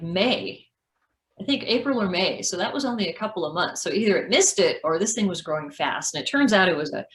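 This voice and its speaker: A woman in her fifties candidly telling a personal story on a video call, animated and frank. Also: on the low side, echoey room, low-quality recording. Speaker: guest speaker.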